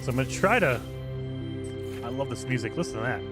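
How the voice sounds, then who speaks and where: A man's voice: mid-range voice, expressive, fast talker, over loud music. A man streaming a space survival game, chatting casually with his viewers and laughing often while he plays. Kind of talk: casual live game commentary.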